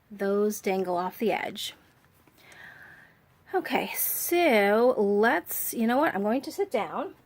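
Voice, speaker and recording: A woman hosting her craft channel, walking viewers through a handmade journal in a chatty, friendly way, talking around a cough drop. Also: mid-range voice. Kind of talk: casual craft walkthrough.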